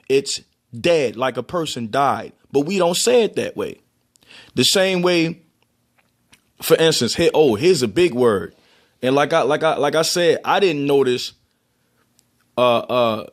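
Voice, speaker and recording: A man from Baltimore with a Baltimore accent, casually explaining and demonstrating how words are pronounced, with loose restarts. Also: fairly high pitch. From Baltimore, USA. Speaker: vlogger.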